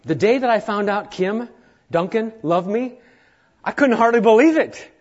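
A middle-aged man preaches a sermon from the pulpit. His voice sits a touch high and turns earnest and emphatic, then drops to a quiet, slow hush. The recording is dull and lo-fi. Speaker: pastor.

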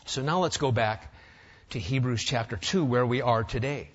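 A man's voice: medium pitch, normal speed, lo-fi sound. An older man from Nebraska preaching a sermon, firing off rhetorical questions with dry humor. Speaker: pastor.

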